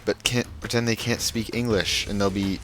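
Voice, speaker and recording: A young man giving casual gaming commentary, telling a story in a slow, dry, sarcastic way. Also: lowish voice, fairly even intonation, a bit bright. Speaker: let's play gamer. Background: game music.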